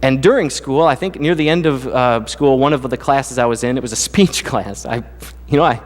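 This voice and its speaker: In a church sanctuary, a male pastor preaches a casual, conversational sermon, telling jokey stories from his own life. His medium-pitched voice moves at a moderate pace and carries the sound of a large hall.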